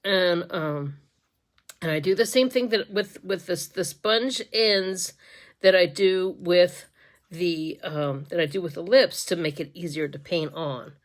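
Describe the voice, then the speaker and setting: A woman vlogging a casual makeup tutorial on her phone. She talks in a chatty, giggly way, trails off and restarts often, and drops to soft mutters while she works. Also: fairly low pitch, measured pace. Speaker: beauty vlogger and makeup sales representative. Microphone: phone camera.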